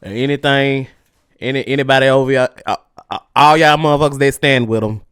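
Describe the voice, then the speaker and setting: A man's voice: medium pitch, fairly even intonation, fairly quick, a bit bright, clean tone, no echo, clean studio sound. A man hosting a solo podcast, ranting casually and profanely with heated energy while his mouth burns from spicy food. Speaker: podcast host.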